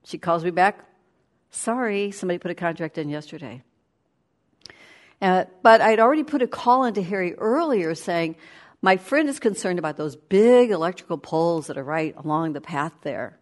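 Lower-voiced woman giving a chatty sermon. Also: moderate pace. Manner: animated, storytelling, laughs while speaking. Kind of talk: conversational sermon.

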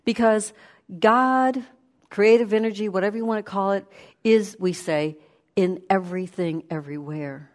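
A woman giving a conversational sermon, animated and storytelling. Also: mid-range voice, moderate pace. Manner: animated, storytelling, laughs while speaking.

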